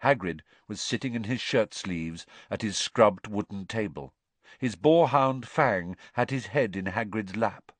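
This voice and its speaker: A man narrating an audiobook with expressive storytelling, voicing every character himself. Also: lowish voice, a little slow, dry recording.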